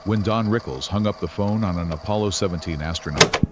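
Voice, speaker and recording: A man reading scripted narration with even, announcer-like phrasing. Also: low voice, brisk, very noisy. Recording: muffled lo-fi audio.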